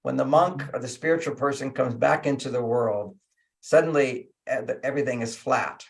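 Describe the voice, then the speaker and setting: An older man talking as an interview guest, teaching conversationally in an animated way and laughing between his points. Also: medium pitch, normal speed, creaky.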